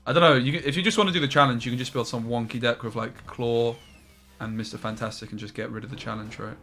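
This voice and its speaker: A man with an Essex accent, talking casually through a live card-game stream and chatting back to his viewers. His voice is bright and forward at an ordinary middle pitch, and he swears now and then. Quiet music sits faintly behind him. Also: fairly even intonation, quick pace. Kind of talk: live gameplay commentary.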